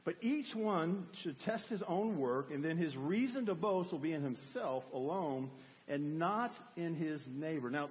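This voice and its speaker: A man preaching a sermon as a pastor, animated, acting out cries for help to make his point. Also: fairly high pitch. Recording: long hall reverb.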